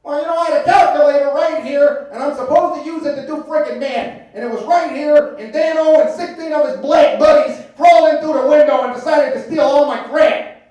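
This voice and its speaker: A bossy, paranoid old uncle, put on by a man who hollers in a high, strained voice that cracks upward. He sounds heard from far back in an echoey comedy club. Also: brisk, darkish tone. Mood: ranting.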